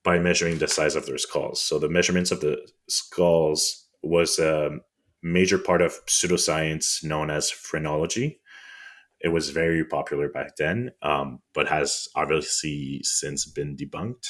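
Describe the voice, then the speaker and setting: French-accented guy cohosting a podcast, super low voice, lots of ums and stumbles over long words. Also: steady tone, unhurried, a bit bright. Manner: frequent ums, restarts on tricky words. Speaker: podcast co-host. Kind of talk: casual explanatory chat.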